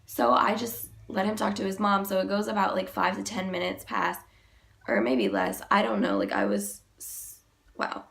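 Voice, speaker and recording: A young woman vlogger, sick and deeper-voiced than usual, retelling a personal story in a halting, emotional way, full of "like". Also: creaky, a bit bright.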